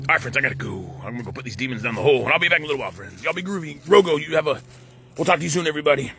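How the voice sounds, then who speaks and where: A middle-aged vlogger with a slightly high voice races through his words, rambling excitably to a phone camera outdoors. He says "friends" in nearly every line.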